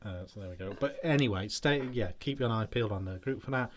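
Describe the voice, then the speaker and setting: A man hosting a casual chat show, talking in a relaxed way and wrapping up the episode. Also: fairly low pitch, quick pace, slight background noise. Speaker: host.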